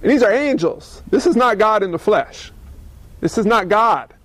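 A man preaching a sermon, telling stories in a conversational, animated way and asking the audience questions. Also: high-pitched, normal speed, dry recording. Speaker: pastor.

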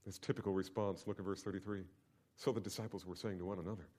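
A male pastor preaching a sermon, asking rhetorical questions and moving from quiet lines to emphatic ones. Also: sits low, fairly even intonation, quick pace.

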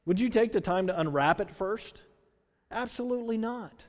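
A man from Texas with a Texan accent preaching a sermon, conversational and animated, full of rhetorical questions. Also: sits high, moderate pace. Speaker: pastor. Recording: long hall reverb.

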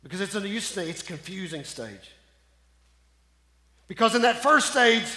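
A pastor preaching a sermon with call-and-response, his voice swinging from loud to hushed, in a church sanctuary. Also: high-pitched, lively intonation, normal speed, pauses often. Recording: echoey church hall.

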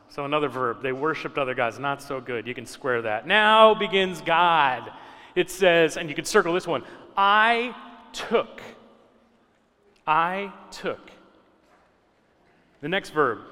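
A man's voice: fairly high pitch, bright, forceful tone, long reverb tail. A man preaching a conversational, teaching sermon, repeating key words for emphasis. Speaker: pastor.

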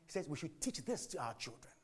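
A man preaching a sermon, asking and answering his own questions, jumping from shouts to whispers. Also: fairly high pitch, fast talker, breathy edge. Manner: animated, swings from shouts to whispers.

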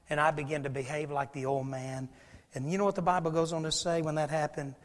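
Male pastor, high voice, animated sermon, long church reverb. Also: quick pace. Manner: animated storytelling, swings from loud to hushed.

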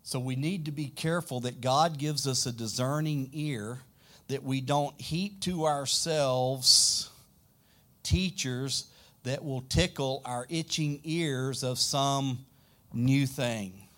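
A man's voice: mid-range voice, slow, fairly bright tone. A man from South Louisiana with a Southern accent, preaching a sermon with emphatic questions to the congregation. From South Louisiana, United States. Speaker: pastor.

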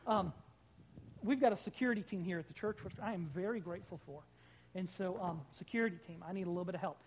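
Joking, conversational pastor in church. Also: male voice, high voice, quick pace, a little hiss or hum, low-quality recording. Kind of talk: sermon. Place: church sanctuary with live congregation. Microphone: corded microphone.

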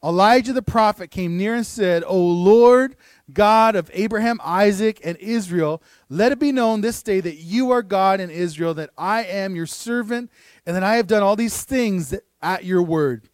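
A high-voiced man preaching to a room, reading scripture and breaking off for quick asides. He sounds earnest and rises to emphatic peaks. The sound is close and dry, with little room echo. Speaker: pastor. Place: church room.

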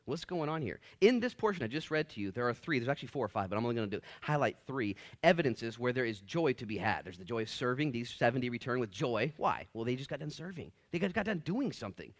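A male pastor preaching a sermon in an excitable, animated way, with joking asides and a soft, hushed tone when he prays. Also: mid-range voice, quick pace, hardly any pauses.

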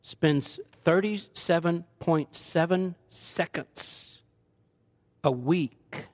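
An older pastor preaching to his congregation with a fairly high, light voice. He mixes earnest teaching with playful, joking asides to the people in front of him. The delivery is animated and conversational. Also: very slow. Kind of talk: sermon.

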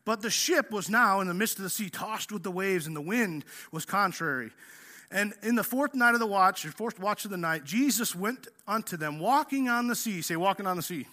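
A male pastor preaching a sermon in a casual, energetic way, acting out the story as he tells it. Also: high-pitched, moderate pace. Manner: energetic, casual preaching, says "man" often; acts out the story.

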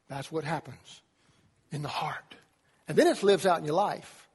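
A man preaching a sermon to young people as a youth pastor, animated, acting out voices as he tells the story. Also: fairly high pitch, normal speed, breathy edge. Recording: long reverb of a large hall.

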